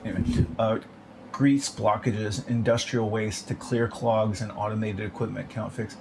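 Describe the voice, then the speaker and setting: A man with a fairly low voice rambles through a casual solo monologue, swearing freely and padding every thought with "like". Steady background noise sits under the recording. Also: a little slow, gravelly. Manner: profane, rambling, filler-heavy with frequent 'like'.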